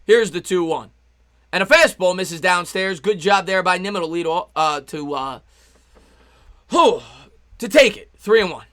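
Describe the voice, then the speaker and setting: Bright-voiced, excitable baseball stream caller. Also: male voice, measured pace, pauses often. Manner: excitable, chatty, reads out viewer chats between pitches. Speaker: live-stream baseball play-by-play host. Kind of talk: fan play-by-play commentary on a live stream.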